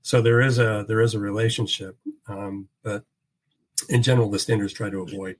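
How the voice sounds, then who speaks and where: A man speaking as a standards expert in a panel discussion, measured, with frequent fillers and restarts. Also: fairly low pitch, fairly even intonation, rough recording.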